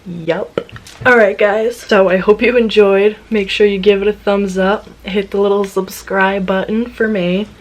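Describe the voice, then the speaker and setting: A young woman in her twenties telling a story to her vlog audience in a casual, animated way, swearing freely and laughing often. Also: mid-range voice, a little slow, rough recording. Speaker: vlogger.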